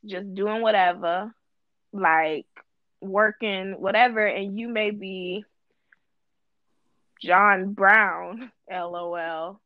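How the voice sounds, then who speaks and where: A woman's voice: mid-range voice, fairly even intonation, extremely slow, pauses often, dry recording, narrow, tinny audio. A woman co-hosting a casual podcast chat, talking emphatically and repeating phrases for stress. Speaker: guest co-host.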